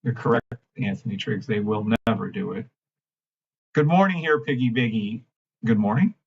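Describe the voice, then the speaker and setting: A man hosting a trading livestream, ranting in a brash, mocking, profane way and swinging between loud outbursts and low mumbling. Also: lively intonation, moderate pace, gravelly, muffled recording, slight background noise. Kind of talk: live-stream rant and chart reading.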